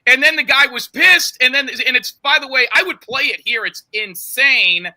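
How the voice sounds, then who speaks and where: A man with a very high, sharply bright voice, pressing on through a heated argument. He retells a story insistently and keeps demanding to finish over the interruptions. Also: moderate pace, poor audio. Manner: insistent, talks over others, retells calls with quoted voices. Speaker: show host under confrontation.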